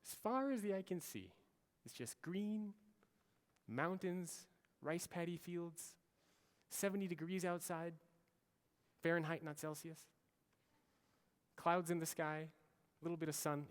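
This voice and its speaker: A man's voice: high-pitched, a little slow, pauses often. A man in his thirties giving a storytelling keynote speech, acting out the lines he quotes. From United States. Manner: animated storyteller, acts out quoted orders. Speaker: keynote speaker. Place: large conference hall. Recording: long hall reverb.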